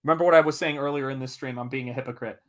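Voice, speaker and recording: A live-stream host and comic artist from Tennessee, in the Southern United States, chats casually in a mid-range voice that races along. He tells an animated, emphatic story, reads out chat comments, and swears occasionally when he gets worked up.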